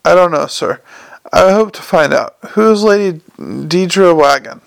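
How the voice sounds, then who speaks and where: A male audiobook narrator voices a young police captain who is polite, unshakable, earnest and formal, probing with courtesy. His slightly high, gravelly voice is dry and close-miked with no echo, and he reads a touch slowly.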